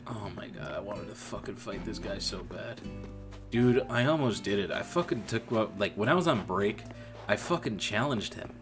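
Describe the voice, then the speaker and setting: A man's voice: on the low side, moderate pace. A young man telling a rambling, profane story about an old coworker in a casual stream chat. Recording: music playing behind.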